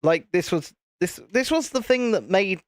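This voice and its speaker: British male streamer, rambling chat, slightly high voice, dry close sound. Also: lively intonation, normal speed, no echo. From United Kingdom. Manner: chatty, rambling, reads viewer chat aloud. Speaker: livestream host. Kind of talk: casual live stream chat while building. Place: home streaming setup with cameras and lights.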